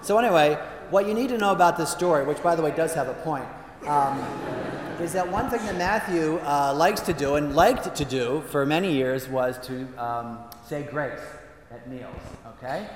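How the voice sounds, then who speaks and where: A man who is a priest, telling self-mocking stories in a chatty way with lively asides during a talk to an audience. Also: fairly high pitch, normal speed, slight background noise. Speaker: Jesuit priest giving a talk. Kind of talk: humorous storytelling talk. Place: large hall with a live audience. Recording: echoey hall from a distance.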